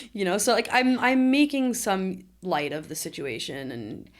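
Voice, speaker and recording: A woman's voice: medium pitch, big pitch swings, moderate pace. A woman in her twenties, a podcast guest, candidly retelling a traumatic accident, laughing through hard moments. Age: 20s. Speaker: interview guest. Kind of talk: emotional personal storytelling.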